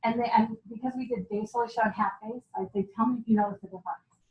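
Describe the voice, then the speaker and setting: A woman giving a lively, chatty sales training talk to a group, laughing often and acting out what customers say. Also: fairly high pitch, fast. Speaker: guest speaker. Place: meeting room. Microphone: far from the mic. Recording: echoey, dull, distant room recording.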